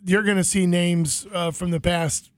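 Casual storyteller, man, high voice, dry close mic, animated anecdotes. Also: unhurried, dry recording.

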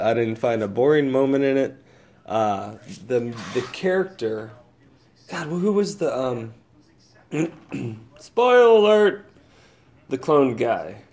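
A married man hosting a casual solo podcast, rambling, swearing freely and thinking out loud as he goes. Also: mid-range voice, vocal fry. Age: adult, old enough to be married. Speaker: podcast host.

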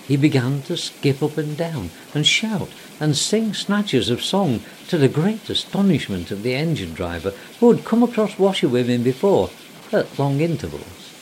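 A man reading a children's story aloud in an expressive, animated storytelling voice. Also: on the high side, slight background noise.

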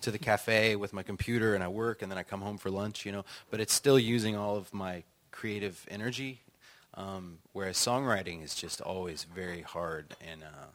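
A man's voice: deep voice, normal speed, few pauses. A middle-aged man, an author and songwriter, telling stories in conversation and acting out quotes with laughter. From United States. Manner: animated, acts out quotes, laughs often. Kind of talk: conversational storytelling.

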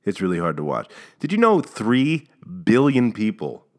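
Male podcast host, low voice, very animated delivery, joking self-deprecating ramble. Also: normal speed. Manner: jokey, self-mocking, rambling. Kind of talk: rambling solo podcast monologue.

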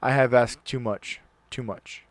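A man's voice: medium pitch, fairly even intonation, unhurried, no echo. Male host, mid-range voice, dry close mic; casual solo talk, earnest read-aloud with occasional stumbles. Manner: reads aloud earnestly, stumbles and restarts on words.

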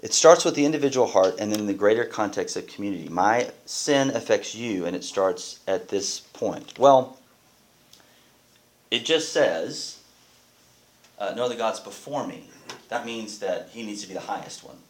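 A man's voice: fairly low pitch, lively intonation, normal speed. A man, a pastor, teaching a Bible class in a conversational way and often asking the group questions.

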